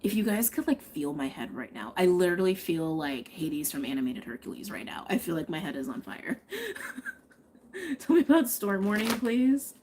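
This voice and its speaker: Woman, tarot reader, lowish voice, chatty live-stream talk, faint background hiss. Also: lively intonation, a little fast, hardly any pauses. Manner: chatty, thinks aloud, frequent "okay?" and "um".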